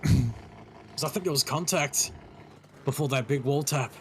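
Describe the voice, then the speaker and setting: A man's voice: medium pitch, measured pace, slight background noise. A man co-commentating a sim-drifting final with easy banter. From Australia. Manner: laughing, relaxed banter, then driving play-by-play.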